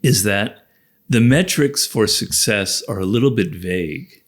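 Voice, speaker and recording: A man's voice: lowish voice, expressive, measured pace. An American man, a guest author, talking through ideas in an interview, building points with repeated phrases. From United States. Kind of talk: conversational interview.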